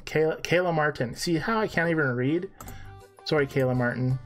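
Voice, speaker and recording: A man's voice: fairly high pitch, fairly quick, soft background music. A man co-hosting a casual game live stream, joking and laughing at himself as he plays.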